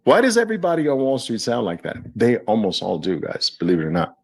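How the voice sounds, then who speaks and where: A man's voice: mid-range voice, wildly swooping pitch, fast talker, gravelly, darkish tone, husky. A middle-aged New Yorker hosting his own livestream, talking straight to his viewers. He hammers his points home with punchy repetition and a motivational drive. His accent is plainly New York, in a middle-range voice. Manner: emphatic, motivational, repeats key phrases. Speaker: livestream host. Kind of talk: casual livestream talk.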